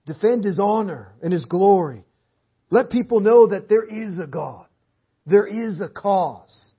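His high-pitched voice is husky and expressive, moving at a measured pace as he preaches in a church hall. Emphatic, repeated phrases drive each point home in a repetitive cadence. The recording is dull and lo-fi.

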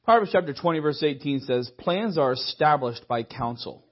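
Young male pastor, storytelling sermon style, husky tone, muffled church recording. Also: fairly high pitch, moderate pace. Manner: lively storytelling, acts out dialogue, laughs often. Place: church hall.

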